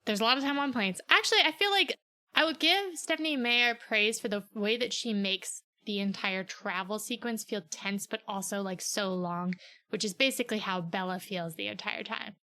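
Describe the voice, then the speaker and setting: Bright-voiced woman recapping a novel. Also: mid-range voice. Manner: animated, sarcastic retelling, slips into quick character voices. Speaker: podcast co-host. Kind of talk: casual book recap with acted-out quotes.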